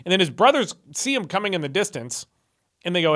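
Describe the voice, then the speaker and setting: A man's voice: high-pitched, big pitch swings, fast talker, fairly bright tone. A young man with a slightly raised voice talks through scripture in a chatty, irreverent way. He adds sarcastic asides as he goes, like someone hosting his own channel. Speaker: video host retelling Bible stories. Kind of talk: casual commentary.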